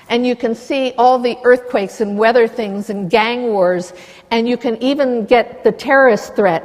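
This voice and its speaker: Impassioned older woman lecturing in a hall. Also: a little high. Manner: passionate, digressive, indignant asides. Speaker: conference speaker. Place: lecture hall with long reverb. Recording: reverberant hall recording.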